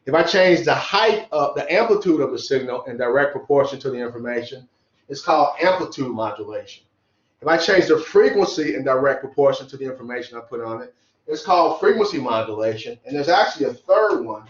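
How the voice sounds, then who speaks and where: A man's voice: mid-range voice, lively intonation, a little fast. Casual man lecturing in a roomy classroom. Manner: loose, conversational, drawing as he explains. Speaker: electronics instructor. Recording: roomy, dull lo-fi classroom sound.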